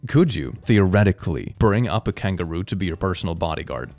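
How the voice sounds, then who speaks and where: A man giving casual, animated commentary on video clips, laughing often and breaking into quick exclamations. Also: fairly low pitch, faint music behind. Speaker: reaction video host.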